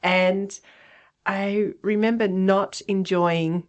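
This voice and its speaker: A woman's voice: medium pitch, steady tone, very slow. A woman co-hosting a podcast, telling personal stories in a casual way and laughing easily. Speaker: podcast co-host.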